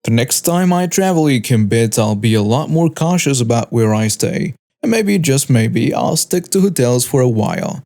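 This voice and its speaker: A man narrating a first-person story in a steady, even storytelling delivery. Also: mid-range voice, moderate pace, gravelly, hardly any pauses.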